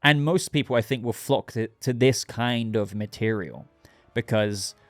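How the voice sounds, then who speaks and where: A man's voice: medium pitch, measured pace, no echo, faint music behind. Rambling chatty male show reviewer. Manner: rambling, chatty, addresses viewers directly. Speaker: host of a TV review channel. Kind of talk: casual spoken episode review.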